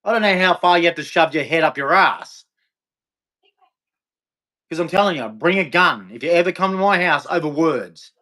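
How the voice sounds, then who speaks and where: A man's voice: fairly high pitch, animated, normal speed, long pauses, pushed and bright. A middle-aged Australian man ranting angrily to camera, profane, aggressive and repetitive. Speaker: vlogger. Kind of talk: angry rant to camera.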